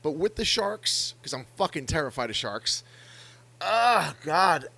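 A man's voice: a little high, sing-song, moderate pace, gravelly, pushed and bright, breathy edge. A man co-hosting a true-crime podcast in casual chat, swearing freely and stammering when he gets worked up. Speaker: podcast co-host.

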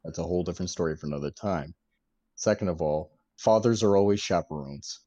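A man's voice: low voice, brisk, warm tone, dry recording, lo-fi sound. A man guest on a casual chat show who speaks in a dry, matter-of-fact way. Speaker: guest, Navy veteran.

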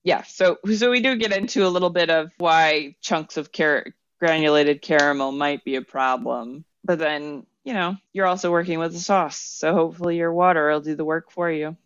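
A woman's voice: low-pitched, normal speed, hardly any pauses, clean tone, no room sound. Woman podcast co-host, casual cooking chat, plain step-by-step explainer, dry lo-fi sound.

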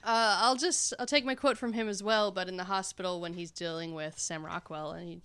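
A woman's voice: on the low side, fairly even intonation, brisk, fairly bright tone, clean tone. A woman co-hosting a casual film podcast, questioning and analyzing the movie's themes. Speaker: podcast co-host.

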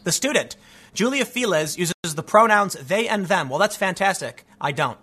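A man's voice: high-pitched, lively intonation, normal speed, pushed and bright, husky. A man hosting an opinionated news commentary show, reading stories aloud and mocking them with sarcastic, rambling asides.

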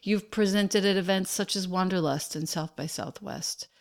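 A woman hosting a podcast, reading in a soft, earnest way with breathy, near-whispered phrases. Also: mid-range voice, normal speed, no room sound, studio quality. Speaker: podcast host. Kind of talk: podcast host read and guest introduction.

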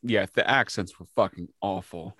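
A man's voice: low-pitched, moderate pace, sharp tone. A man in a casual chat, blunt and sarcastic, swearing freely.

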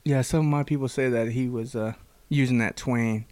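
A man's voice: mid-range voice, fairly even intonation, moderate pace, a little mellow, slight background noise. A man co-hosting a casual podcast, crude and joking, dropping "bro" constantly. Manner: crude, joking, lots of 'bro'. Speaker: podcast co-host. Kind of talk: casual chat.

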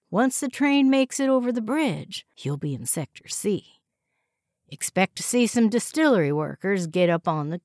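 A woman voicing a gruff, soft-spoken male farmhand with a folksy drawl, in a storybook reading. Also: fairly low pitch, no echo, clean studio sound.

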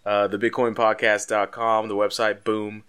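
A man co-hosting a podcast in casual, profane banter. His voice sits a little low but sounds bright and forward. He jokes freely with his co-hosts. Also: level tone, moderate pace, smooth. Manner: loose, profane, jokey. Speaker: podcast co-host.

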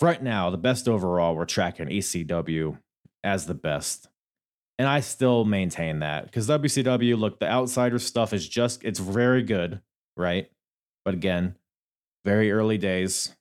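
Deep-voiced man rambling through a podcast. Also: darkish tone. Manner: rambling, thinks aloud with fillers and restarts. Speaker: podcast host. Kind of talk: casual solo podcast commentary.

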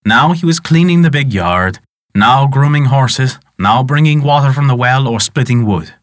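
A male storyteller reading an old folk tale with dramatic expression. His voice moves widely in pitch, and the sound is close and dry with no room echo. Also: expressive, moderate pace.

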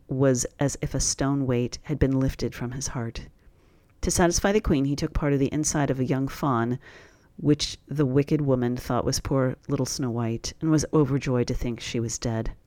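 A man reading a classic fairy tale aloud in a steady, plain storytelling voice. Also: mid-range voice, dry recording.

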